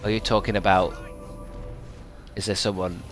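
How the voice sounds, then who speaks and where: A young man with a fairly low voice talks to his stream chat in a rambling, self-mocking way, swearing casually. His tone is dry and sardonic. Faint game music plays behind him. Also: steady tone, normal speed.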